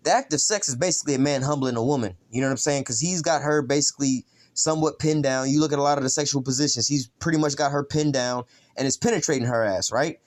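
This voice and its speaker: A man's voice: mid-range voice, quick pace. A man giving an informal bible lesson as a street preacher, rambling and slangy, with frequent profanity and fillers.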